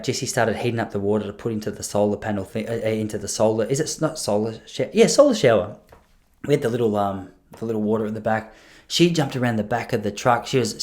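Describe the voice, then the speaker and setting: A man, hosting a podcast and telling a long anecdote in a casual, self-mocking way, often restarting his sentences. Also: on the low side. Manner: animated, self-mocking storyteller, rambling with frequent restarts. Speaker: podcast host. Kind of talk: casual storytelling monologue.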